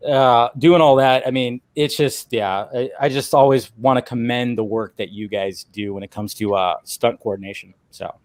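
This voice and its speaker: A man's voice: medium pitch, steady tone, normal speed, few pauses, dry recording. A man hosting a casual stream interview, asking rambling questions packed with fillers over a video call. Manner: rambling, full of "I mean" and "like". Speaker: stream host.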